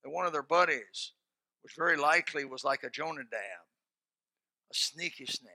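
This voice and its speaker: A male preacher with a fairly high, very bright and cutting voice, heard close and completely dry. He preaches in a folksy, animated way, with plain colloquial speech and sudden loud shouts. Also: normal speed, dry recording. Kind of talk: sermon with closing prayer.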